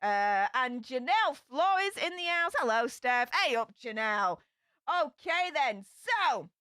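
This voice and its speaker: A woman's voice: sits high, big pitch swings, bright, forceful tone, clear, resonant tone, dry recording, clean studio sound. A woman in her thirties with a Yorkshire accent, hosting a casual livestream and greeting viewers in a sassy, chatty way. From Yorkshire, England. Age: 30s. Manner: sassy, chatty, quick greetings with northern slang. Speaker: livestream host.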